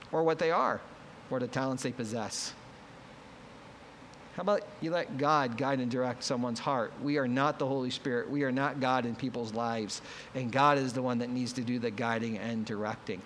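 A man's voice: medium pitch, a bit bright, slight background noise. A man preaching a conversational sermon, acting out the quoted voices as he explains a Bible passage. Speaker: pastor. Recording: long reverb, faint ambience.

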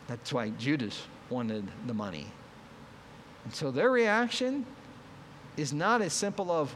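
A man's voice: a little high, expressive, a little slow, pauses often, fairly bright tone, a little hiss or hum. A man preaching a conversational sermon, acting out the quoted voices as he explains a Bible passage. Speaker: pastor. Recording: long reverb, faint ambience.

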